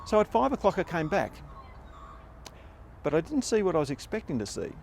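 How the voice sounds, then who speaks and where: An older Australian man telling a story in a relaxed, wry, conversational way. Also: high voice, a little fast, creaky, slight background noise. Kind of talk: casual spoken storytelling.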